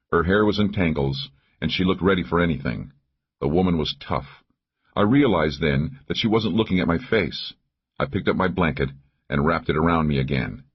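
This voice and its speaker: A man narrating a first-person thriller audiobook in a steady, measured way. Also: rumbling low, slightly rough, muffled recording.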